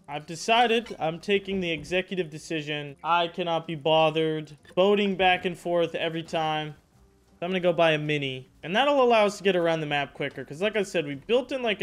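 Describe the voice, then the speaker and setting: A young man giving casual, excitable commentary over his own survival game playthrough, loose and slangy. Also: a little high, clear, resonant tone. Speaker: gaming YouTuber. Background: background music.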